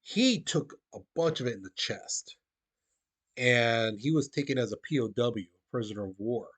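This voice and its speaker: A man giving a recorded history lesson in a casual, conversational way. His voice sits at an ordinary middle pitch, and he keeps checking in with his students as he goes. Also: lively intonation, normal speed, fairly bright tone. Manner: casual, conversational, peppered with "okay?" and "the thing is". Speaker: teacher.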